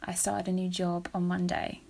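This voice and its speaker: A woman's voice: on the low side, flat delivery, moderate pace, gravelly, a little mellow, a little hiss or hum. A woman, hosting a podcast in casual, rambling chat. She is emotional and self-deprecating and laughs often. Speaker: podcast host.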